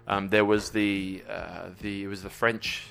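A young adult actor chatting casually and joking on a podcast, talking into a foam-covered mic. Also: male voice, low-pitched, creaky, clear, resonant tone. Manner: joking, animated, quick asides.

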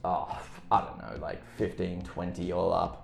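A man's voice: low voice, completely flat delivery, moderate pace, vocal fry. A man telling a rambling, self-deprecating story in casual chat, with many restarts. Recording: echoey room with faint music.

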